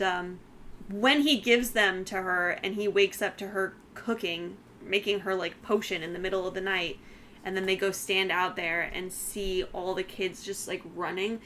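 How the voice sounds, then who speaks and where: A woman's voice: mid-range voice, fairly bright tone, a little hiss or hum. A woman co-hosting a podcast, chatting enthusiastically about a film and acting out quotes with lots of fillers. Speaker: podcast co-host. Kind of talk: casual chat about a film.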